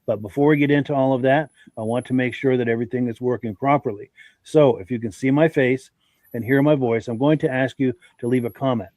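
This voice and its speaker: A man's voice: medium pitch, darkish tone, no echo. Congested man hosting a live podcast. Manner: friendly, folksy, reads out comments with fillers. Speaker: podcast host. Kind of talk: live-stream podcast hosting, reading viewer comments.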